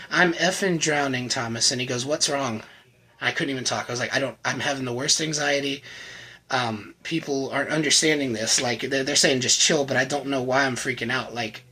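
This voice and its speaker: A man in his thirties giving a candid personal testimony as a channel host, halting and full of restarts. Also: medium pitch, pushed and bright, breathy edge, low-quality recording. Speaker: channel host telling his recovery story. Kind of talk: personal testimony, casual storytelling.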